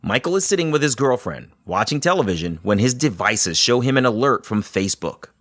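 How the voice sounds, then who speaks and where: A podcast host with a medium-pitched voice narrates a scripted story at a fairly quick pace and in a lively manner, then interviews his guest, offering brief reactions as he listens. The sound is clean and dry, studio-recorded.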